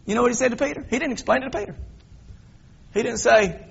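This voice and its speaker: A man delivers a sermon in a gravelly, husky voice. He tells the story with animation, rising loud for emphasis and then dropping to quiet, reflective passages. The recording sounds dull and lo-fi. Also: very high voice, fairly quick. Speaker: pastor.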